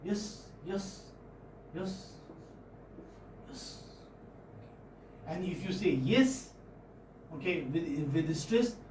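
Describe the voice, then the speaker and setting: With a warm tone and a voice on the high side, an Indian English–accented English professor is teaching his class phonetics. He repeats words, pauses often, and keeps asking "okay?" and "hmm?" to gauge understanding. The recording is far-off and echoey, with a little faint noise.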